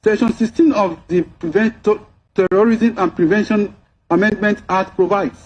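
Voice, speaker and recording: A man, a judge reading a formal court judgment in a measured way. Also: high voice, steady tone, darkish tone. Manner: measured, formal, legal wording. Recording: dull lo-fi recording.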